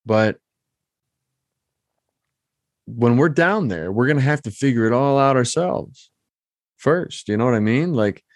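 A man's voice: medium pitch, lively intonation, a little slow, pauses often, no echo, clean studio sound. A man from Michigan hosting his own podcast, talking on in a loose, rambling way with many ums and restarts. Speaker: podcast host. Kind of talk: casual solo podcast monologue.

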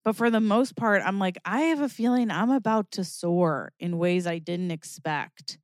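A woman's voice: mid-range voice, moderate pace, dry recording. Candid woman podcaster, dry close sound. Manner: candid, expressive, swings between animated and quiet reflective. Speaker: podcast host. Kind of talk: casual solo podcast monologue.

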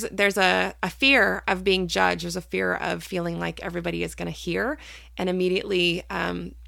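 A woman's voice: mid-range voice, creaky, sharp tone, no echo, studio quality. A woman hosting a personal faith podcast, talking candidly and hesitantly with many fillers and restarts. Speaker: podcast host.

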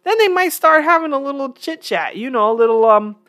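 A woman's voice: sits high, lively intonation, a little fast, fairly bright tone. A woman from New York talking casually to her viewers, blunt and emphatic, with frequent chuckles. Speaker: vlogger. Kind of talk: casual talk to camera.

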